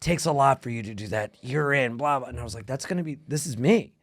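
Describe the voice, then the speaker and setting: A comedian from Brooklyn, spinning animated stories in loose podcast banter. He acts out every line he quotes. His voice sits in the middle range and sounds close and dry. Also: medium pitch, quick pace, no echo. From Brooklyn, New York. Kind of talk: casual comedic chat.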